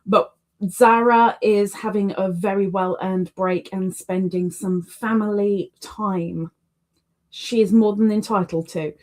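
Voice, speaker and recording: A woman's voice: mid-range voice, steady tone, slow, a little mellow. A woman hosting a casual livestream, chatty and repeating words for emphasis. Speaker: livestream host.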